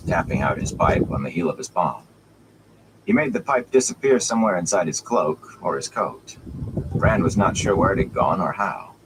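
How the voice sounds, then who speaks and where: A man reading a fantasy novel aloud in a measured storytelling manner, over steady background noise. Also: low voice. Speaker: audiobook reader.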